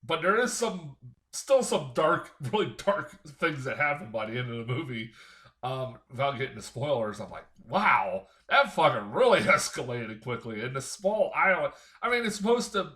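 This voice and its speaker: A man's voice: on the high side, animated, moderate pace, fairly bright tone. A man giving a rambling, profane, casual film review, full of fillers and chuckles. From United States.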